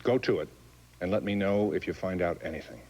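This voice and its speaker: An actor playing a brisk, businesslike senior official in a soap opera. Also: male voice, low voice, rough recording.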